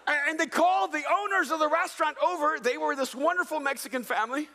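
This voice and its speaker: A man from El Salvador preaching a sermon as a pastor, telling funny stories in an animated way. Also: very high-pitched, quick pace, in a large hall. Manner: animated storytelling with jokes.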